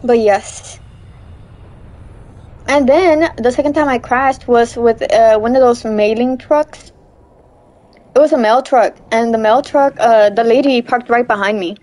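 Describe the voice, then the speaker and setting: A young woman streaming a game, telling chatty stories between loud, startled outbursts. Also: on the high side, unhurried, long pauses. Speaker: gaming streamer. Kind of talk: casual gameplay commentary.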